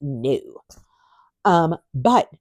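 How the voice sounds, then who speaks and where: A woman's voice: low voice, sing-song, extremely slow, no room sound. A woman vlogger talking casually to camera, chatty and sarcastic, laughing often.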